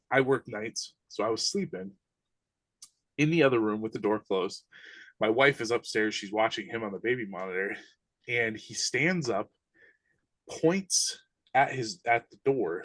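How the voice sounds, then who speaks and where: Animated man telling eerie stories. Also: lowish voice, no room sound. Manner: animated, breathless retelling of eerie events, casual slang. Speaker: podcast guest. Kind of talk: casual storytelling.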